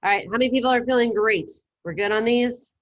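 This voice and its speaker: Upbeat teacher woman, muffled call audio. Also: on the high side. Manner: brisk, upbeat, coaching. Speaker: Spanish teacher. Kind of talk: online class instruction. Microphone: video call.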